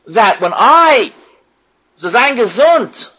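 Impassioned woman teacher, high bright voice. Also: expressive, moderate pace, rough recording. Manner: impassioned, repeats phrases, asks the audience questions. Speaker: religious teacher. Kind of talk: lecture to a women's audience.

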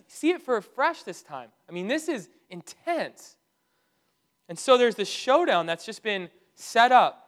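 A male pastor preaching a sermon in a conversational, animated way, with sudden loud outbursts. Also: high-pitched.

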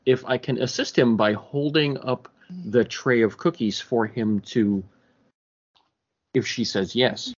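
A man playing in a tabletop game, talking calmly and matter-of-factly. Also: mid-range voice, measured pace. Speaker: player. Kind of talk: casual tabletop game chat. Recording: slightly dull lo-fi audio.

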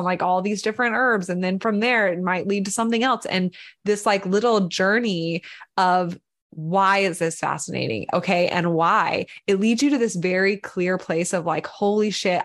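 A woman's voice: medium pitch, normal speed. A woman talking casually on a podcast as a guest, explaining ideas earnestly and acting out imagined quotes, with many "like" fillers.

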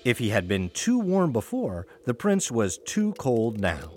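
A man's voice: medium pitch, a little slow, faint music behind. A man narrating a fairy tale in a playful, scripted storybook style, turning now and then to address the listeners directly. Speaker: audiobook narrator. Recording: home recording with steady background hiss.

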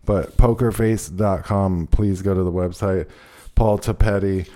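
A male talk radio host with a fairly low, mellow voice. He talks in a loose, casual way, swearing here and there as he reads headlines and banters. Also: fairly even intonation, a little slow. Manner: loose, profane, laid-back banter.

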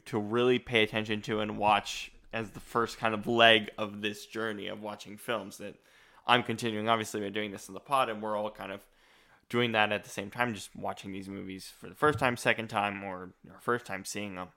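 Animated man retelling movie scenes. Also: lowish voice, normal speed. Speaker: podcast co-host. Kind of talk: casual movie-review chat.

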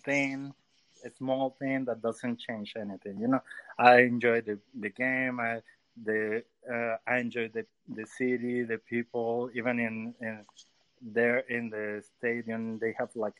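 Slow, hesitant man searching for words. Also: mid-range voice, level tone, a bit bright, dry recording. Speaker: sports photographer guest. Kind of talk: casual interview chat.

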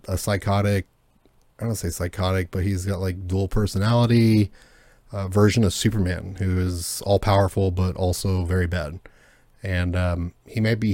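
A man with a lowish voice chats casually on a podcast, rambling through fillers and restarts and swearing freely. The sound is dry and close, with no room around him. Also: darkish tone, dry recording. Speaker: podcast co-host. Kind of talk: casual chat.

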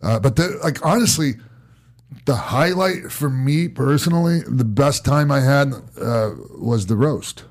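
A man hosting a casual chat, relaxed and prompting his guest, swearing freely. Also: medium pitch, measured pace.

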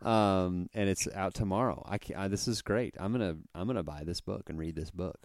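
Male host, low smooth voice, dry sound, easygoing and quick to joke. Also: no echo. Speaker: podcast host. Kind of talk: casual interview.

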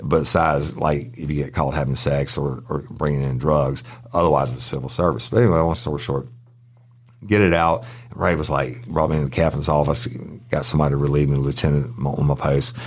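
Male co-host, very low voice, blunt profane storyteller. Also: brisk, breathy edge. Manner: profane, animated anecdotes with acted-out quotes. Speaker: podcast co-host, former prison guard. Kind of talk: casual storytelling.

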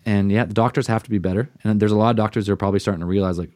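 A man's voice: on the low side, very fast, few pauses, no room sound, clean studio sound. Profane, ranting podcast man. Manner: profane, animated ranting with mocking put-on quotes. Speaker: podcast co-host. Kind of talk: casual podcast chat.

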